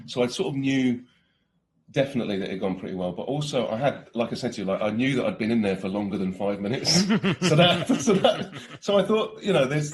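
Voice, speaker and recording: A man's voice: medium pitch, animated, fast. A British man in his forties, an actor chatting casually in an interview, laughing often and restarting his sentences.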